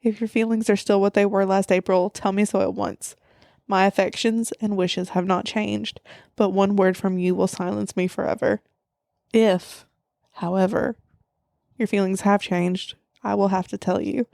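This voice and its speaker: A woman reciting a lovestruck young gentleman suitor's proposal in her own voice, quoting film dialogue earnestly. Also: medium pitch, flat delivery, normal speed, vocal fry, dry recording, clean studio sound, close to an everyday voice.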